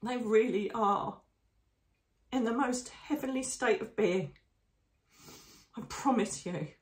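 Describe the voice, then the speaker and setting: A woman, a psychic medium narrating her visions live in a hushed, emotional, often slow and breathy way. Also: a little high, roomy sound. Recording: voice distant from the mic.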